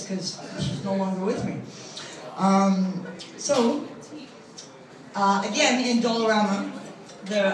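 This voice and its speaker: A woman's voice: mid-range voice, far from the mic. A middle-aged woman doing a crude, self-mocking stand-up set, recorded from the audience in a club. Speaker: stand-up comedian. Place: comedy club stage. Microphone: phone recording from the audience. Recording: echoey club from afar, crowd. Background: audience laughter.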